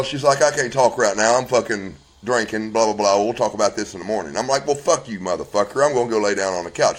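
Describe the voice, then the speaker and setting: A man's voice: mid-range voice, rough recording. A blunt man tells his story at length and swears constantly. He rambles from one point to the next and acts out both sides of the argument as he goes. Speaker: interviewee telling his story.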